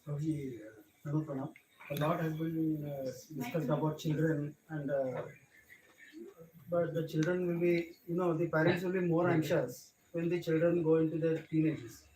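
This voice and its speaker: A man in a class asking a question hesitantly, with pauses and fillers. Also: fairly high pitch, fairly even intonation, mellow. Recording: echoey room, distant mic, faint noise.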